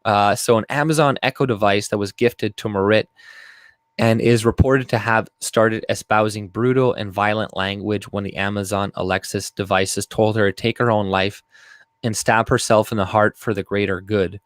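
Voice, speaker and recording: A man's voice: on the low side, fairly even intonation, moderate pace, no echo. A man giving a casual, profane, rambling commentary on news stories, reading articles aloud. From Canada. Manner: rambling and profane, with frequent fillers and laughs. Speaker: video commentator.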